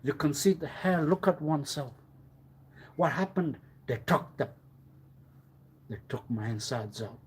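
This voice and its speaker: A man on a livestream delivering a rambling, theatrical monologue, full of rhetorical questions and menacing threats, that swings from hushed mutters to loud outbursts. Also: fairly high pitch, lively intonation, unhurried, pauses often, slightly rough.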